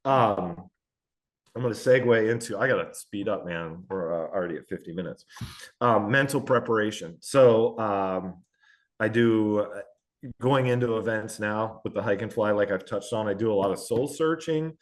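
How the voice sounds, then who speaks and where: A man's voice: fairly low pitch, normal speed. A man in his forties, a veteran endurance athlete, telling candid, self-deprecating stories in a casual interview, with many fillers. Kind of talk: casual storytelling in a podcast-style interview.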